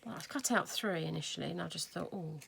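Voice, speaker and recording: A woman's voice: fairly low pitch, fast, vocal fry, a bit bright, a little hiss or hum. A woman hosting a casual crafting tutorial, chatting and thinking aloud as she works. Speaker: craft video host.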